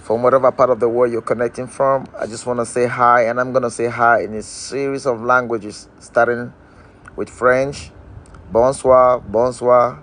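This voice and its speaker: A man's voice: medium pitch, little pitch movement, normal speed, a bit bright. Man giving an outdoor inspirational livestream. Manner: repetitive, emphatic, inspirational. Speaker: motivational livestream host. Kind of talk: casual live-stream monologue.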